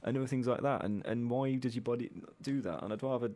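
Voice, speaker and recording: A man's voice: medium pitch, fairly even intonation, fast, warm tone. A man co-hosting a casual podcast, rambling, self-mocking and full of ums and little laughs. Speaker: podcast co-host. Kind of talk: casual chat.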